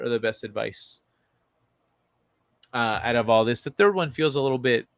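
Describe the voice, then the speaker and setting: A man's voice: mid-range voice, a bit bright, no room sound. A man hosting a casual livestream, reading an article and chat messages aloud and chatting loosely with frequent fillers and the odd swear word. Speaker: livestream host.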